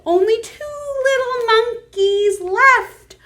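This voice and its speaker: A woman's voice: extremely high pitch, slow pace, pushed and bright. A children's librarian, a woman, reading picture books aloud at story time with gasps and animal sound effects, prompting the children to join in.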